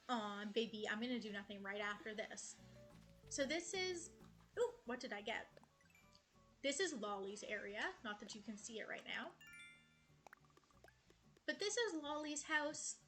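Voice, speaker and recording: A young woman streamer giving a casual tour of her game island, chatty and affectionate, speaking into a headset mic. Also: on the high side. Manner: chatty and affectionate, cooing at characters. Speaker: gaming streamer. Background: soft game music.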